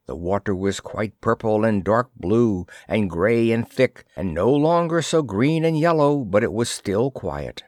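A man narrates a fairy tale at an unhurried pace, his pitch rising and falling expressively. The recording is close and dry, with no room sound. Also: no room sound. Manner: measured, expressive storytelling. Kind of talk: fairy tale read aloud.

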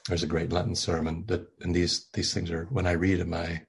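An older man delivers a sermon from the pulpit in a loose, conversational way, full of ums and self-deprecating asides. His voice sits very low and has a husky edge. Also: level tone, a little fast. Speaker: pastor.

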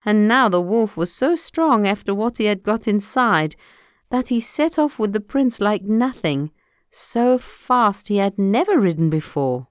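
A woman reading a folktale aloud in a measured, expressive manner. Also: medium pitch, clean tone, no room sound, clean studio sound. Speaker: storyteller.

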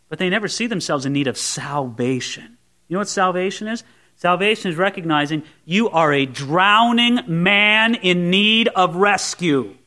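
A man, a pastor, preaching an expository sermon in a conversational, emphatic way, asking rhetorical questions and swinging between hushed and raised emphasis. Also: high voice, normal speed.

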